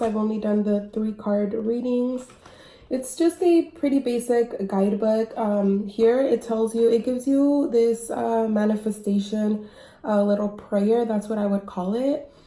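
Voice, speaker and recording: Woman vlogger, casual and halting, breathless, mellow low tone, roomy sound. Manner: chatty, halting with many fillers. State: a little out of breath. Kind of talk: casual oracle card reading vlog.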